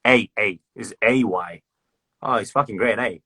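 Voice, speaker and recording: Laid-back swearing Australian guy, low voice. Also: moderate pace, pushed and bright, slightly rough, dry recording. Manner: loose and profane, laughing, repeats words. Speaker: livestream host chatting with fans. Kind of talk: casual livestream chat. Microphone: phone.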